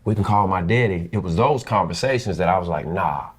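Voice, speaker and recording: A man's voice: low-pitched, fast, slightly rough. A young man earnestly telling a personal story about his marriage, acting out the people he quotes. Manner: earnest, animated, quotes people in changed voices. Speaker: husband sharing his story.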